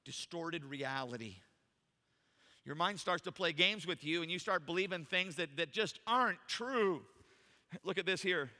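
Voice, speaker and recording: A man's voice: fairly high pitch, measured pace, sharp tone, long reverb tail. A man preaching a sermon in a church, emphatic and full of rhetorical questions to the congregation. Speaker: pastor. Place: church sanctuary.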